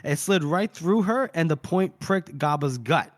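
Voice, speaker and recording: A man co-hosting a podcast who retells a book chapter in a rambling, animated way, swearing casually and filling pauses with "uh" and "you know". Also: fairly high pitch. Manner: rambling, animated, profane, with many fillers. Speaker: podcast co-host.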